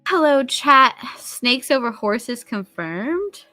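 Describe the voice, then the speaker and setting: A woman's voice: high voice, big pitch swings, takes it slowly, bright, forceful tone, no echo, soft background music. A woman chatting casually on a live stream as a guest, playful and giggly, teasing her viewers.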